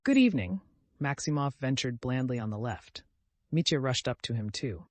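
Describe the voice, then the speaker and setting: A man narrating an audiobook in an expressive, animated reading. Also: medium pitch, normal speed, no echo.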